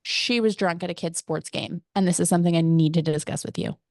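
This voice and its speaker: A woman's voice: on the low side, a little fast, a little mellow, no room sound. Theatrical woman podcast host, dry sound. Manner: dramatic, theatrical. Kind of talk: casual comedic chat.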